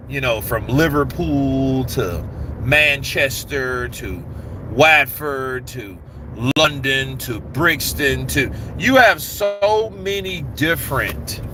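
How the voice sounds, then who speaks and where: A man's voice: medium pitch, background noise. A middle-aged man hosting a boxing live stream, talking in a loose, rambling way and greeting viewers by name. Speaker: boxing channel host. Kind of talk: casual live-stream chat.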